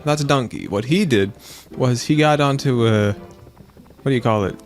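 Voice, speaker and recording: A man hosting a let's play, chatting casually in a rambling, animated way and acting out quotes in silly voices. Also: mid-range voice, measured pace, faint music behind. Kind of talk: casual gaming chat.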